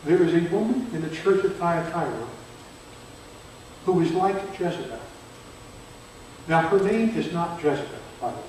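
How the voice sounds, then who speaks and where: An older man teaching a Bible seminar at a church, chatty, quizzing his listeners and turning loud and emphatic. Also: on the high side, animated, normal speed, long pauses. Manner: conversational, asks the audience questions, grows loud and emphatic. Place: church hall. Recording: very echoey hall from far off, faint noise.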